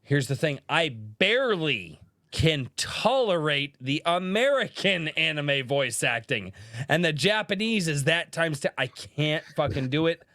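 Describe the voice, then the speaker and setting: A man hosting a casual podcast chat, loud and passionate, swearing often. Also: on the high side, very animated, unhurried, dry recording, clean studio sound. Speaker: podcast host.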